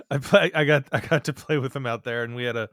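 A man hosting a golf podcast, interviewing a guest with warm praise and a few fillers. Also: mid-range voice, fairly quick, dry recording, studio quality. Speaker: podcast host.

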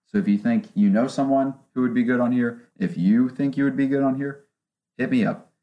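Speaking a little fast in a mid-range voice, a young man runs his solo podcast from a small home studio, chatting casually and ranting sarcastically. One omnidirectional microphone captures him, and the sound is lo-fi.

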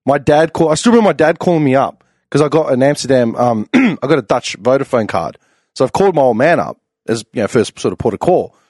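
Chatty podcast co-host, male, quick rambling storyteller, dry close mic. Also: medium pitch, no room sound. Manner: animated rambling storyteller, slangy, swears. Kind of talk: casual chat.

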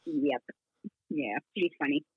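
A woman in her sixties, a guest actress telling rambling, animated stories in a casual interview, full of restarts. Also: sits low, unhurried, no echo. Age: 60s. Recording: husky voice over a tinny phone line.

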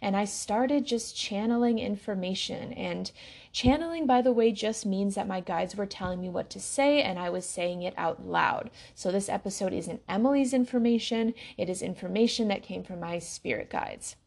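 A woman hosting her own wellness podcast, talking to listeners in a slow, relaxed way with frequent ums. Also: medium pitch, vocal fry. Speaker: podcast host and intuitive health coach. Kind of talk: casual podcast monologue.

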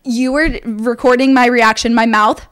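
A young woman co-hosting a casual podcast, telling an excited story fast with lots of fillers. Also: a little high. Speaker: podcast co-host. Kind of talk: casual chat.

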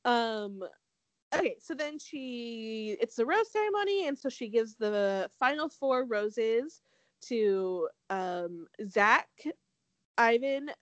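A young woman co-hosting a casual podcast, rattling through a recap at speed. Her pitch jumps around in a lively way, and she swears without a second thought. The sound is dry and close to the mic. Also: dry recording. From Southern California. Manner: fast-talking, animated, swears casually. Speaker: podcast co-host.

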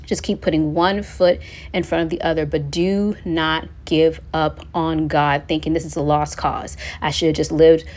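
Woman, young adult, somewhat low voice, earnest, encouraging, conversational faith talk. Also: flat delivery, moderate pace. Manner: earnest, encouraging, conversational, acts out prayers aloud. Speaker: host. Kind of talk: faith-based talk to single listeners.

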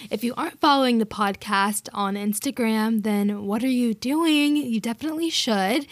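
A woman hosting a podcast in an upbeat, chatty way, leaning on words for playful emphasis. Her voice sits a little high, and the sound is close and dry with no room around it. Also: no echo. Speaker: podcast host. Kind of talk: casual podcast chat.

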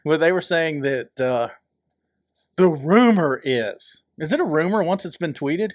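Lively, joking male podcast co-host. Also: fairly high pitch, unhurried, no echo, studio quality. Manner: jokey, teasing, laughs often. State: wired on energy drink. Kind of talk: casual joking chat.

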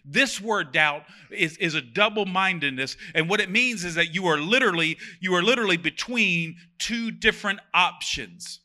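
A man preaching a sermon, reading scripture aloud and breaking in with animated, joking comments. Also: sits high, moderate pace, few pauses. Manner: animated, reads verses then comments with jokes.

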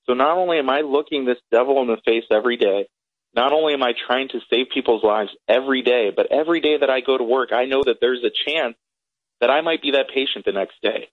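A man's voice: medium pitch, fast talker, no echo. A man calling in as a critical care doctor, earnest and emotional. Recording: tinny phone line.

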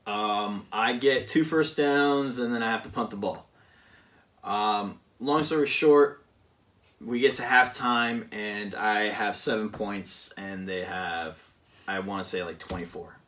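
Halting, rambling man a bit off-mic. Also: lowish voice, fairly bright tone, recorded from a distance. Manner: rambling, halting with many fillers. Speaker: podcast guest recounting a video game season. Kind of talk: casual chat.

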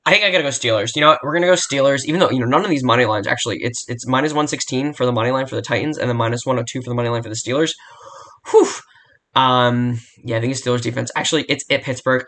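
A man's voice: mid-range voice, very fast, a bit bright. Young male solo podcaster, blunt and profane, rambling home recording. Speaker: podcast host. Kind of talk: casual solo sports betting podcast. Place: home room near a barking dog.

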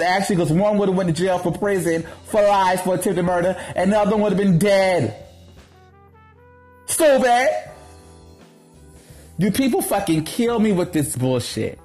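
A man ranting in a gossip commentary vlog, brash and profane, with a sassy, sharp-tongued delivery. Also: high-pitched, brisk, faint music behind.

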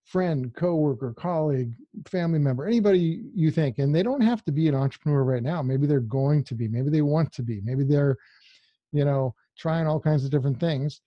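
A man's voice: on the high side, fairly quick, dry recording, lo-fi sound. A man co-hosting a podcast, talking in a direct, emphatic, casual way. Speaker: podcast co-host.

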